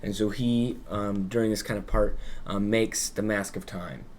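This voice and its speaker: A man's voice: lowish voice, steady tone, moderate pace, noisy background. A man co-hosting a podcast, loosely retelling a story in casual chat, swearing freely and acting out quotes. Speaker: podcast co-host.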